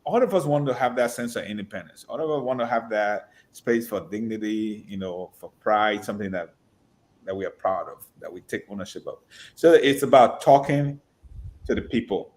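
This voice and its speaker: A man's voice: lowish voice, normal speed. A man, an education nonprofit partner, telling stories emphatically in an interview. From Liberia. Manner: storytelling, emphatic, animated. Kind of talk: interview conversation.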